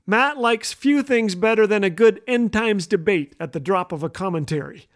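A man from Canada hosting a radio show, telling a humorous story in a wry, deadpan way. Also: high-pitched, normal speed. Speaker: radio host. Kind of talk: scripted humorous radio commentary.

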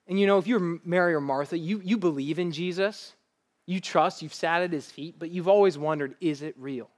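A male pastor with a fairly high voice delivers a sermon to a church congregation. He speaks earnestly but conversationally, like talking to friends in the pews, and often laughs lightly. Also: normal speed. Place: church service before a live congregation.

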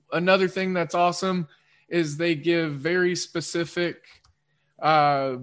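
A man with an Oklahoma twang hosting a sports betting podcast in a rambling, quick-fire casual monologue that often corrects itself. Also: a little high, fairly bright tone.

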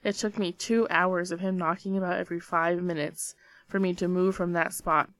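Bright-voiced woman reading a spooky tale. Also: fairly low pitch, steady tone, moderate pace, no room sound. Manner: dramatic storytelling that breaks into nervous laughter. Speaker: podcast co-host. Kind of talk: reading a scary story aloud.

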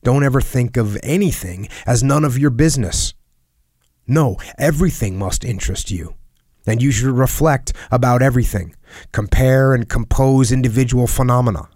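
A man reading a personal letter aloud in a solemn, earnest and measured way, sometimes dropping to a hush. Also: medium pitch, no room sound, studio quality. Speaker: reader of a letter.

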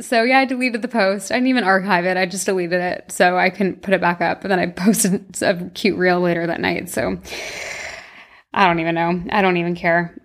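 Chatty young woman podcaster. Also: medium pitch. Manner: chatty, rambling, lots of "like" fillers; candid and self-deprecating, laughs often. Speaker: podcast host. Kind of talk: casual solo podcast chat.

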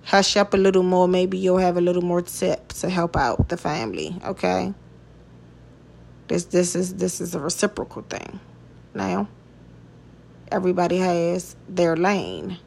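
A woman's voice: lowish voice, unhurried, gravelly, darkish tone. A woman hosting a podcast in a casual monologue, talking bluntly, swearing and laughing often. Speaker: podcast host.

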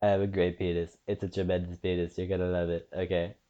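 Man doing a brash bragging politician, short choppy phrases, louder, dull audio. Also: low-pitched, level tone, fast, close to an everyday voice. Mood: boastful. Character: blustering boastful male politician impression.

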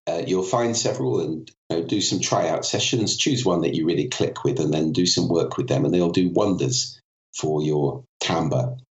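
Very deep-voiced man with a cold. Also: echoey room, dull audio. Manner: articulate, demonstrates vocal effects as he explains. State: has a cold. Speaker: podcast guest, voice and communication expert. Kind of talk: explanatory interview talk.

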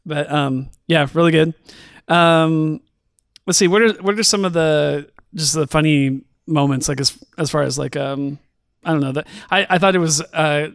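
A man's voice: on the high side, normal speed, gravelly, smooth, no room sound, clean studio sound. A young man co-hosting a movie podcast, chatting casually with rambling enthusiasm. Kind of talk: casual chat.

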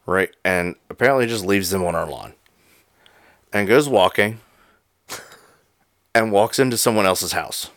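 A man co-hosting a podcast, telling a story in casual, profane, animated chat. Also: fairly low pitch, unhurried, pauses often, no room sound, clean studio sound. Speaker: podcast co-host.

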